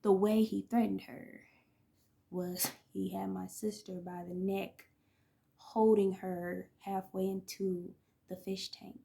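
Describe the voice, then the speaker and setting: Slow and level, this thirtysomething woman's voice is medium in pitch, gravelly and dark. She reads oracles and vlogs, drifting through personal anecdotes in an easygoing way, breaking into laughter frequently and at times dropping to a near-whisper.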